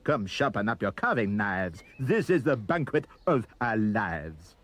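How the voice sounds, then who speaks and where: A man voicing a greedy crowd of townsfolk shouting excitedly about a feast. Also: a little high, measured pace, husky, pitched above the performer's own voice, heavily acted. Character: greedy shouting French townsfolk, male mob.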